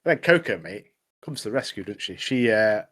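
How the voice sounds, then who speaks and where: A man's voice: on the low side, lively intonation, fairly quick, fairly bright tone. A man co-hosting a podcast, recapping in rambling casual chat full of fillers. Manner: rambling recap, many fillers like obviously and mate. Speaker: podcast co-host.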